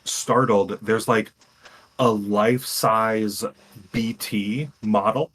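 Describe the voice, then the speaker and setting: A young man co-hosting a podcast, retelling a story in a rambling, animated way with frequent restarts. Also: on the low side, slow, breathy edge. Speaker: podcast co-host. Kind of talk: casual chat, retelling a game.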